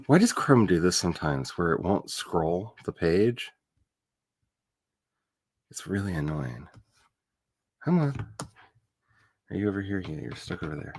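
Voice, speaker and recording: A man with a low voice that swings widely, talking in an unhurried, casual livestream chat. He is playful and chatty, and his voice is close and dry with no room sound. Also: expressive, dry recording. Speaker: author livestreaming his world building.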